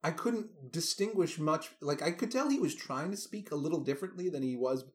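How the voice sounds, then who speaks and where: A man talking films in an easygoing podcast chat, his pitch swinging widely as he goes. He is animated and drops into mock voices to quote scenes. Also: a little fast. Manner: animated, breaks into mock voices when quoting. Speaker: podcast co-host. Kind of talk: casual movie discussion chat.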